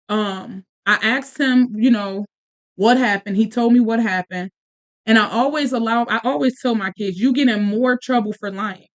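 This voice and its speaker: A woman in her thirties with a medium-pitched voice, a podcast host and a mother, tells a story in casual conversation, speaking in quick bursts with restarts and asides.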